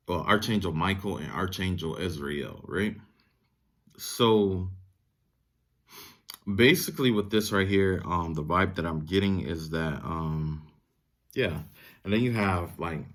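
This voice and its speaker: A young adult man giving a casual tarot reading in a relaxed, rambling way, full of fillers and asides. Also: sits low. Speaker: tarot reader.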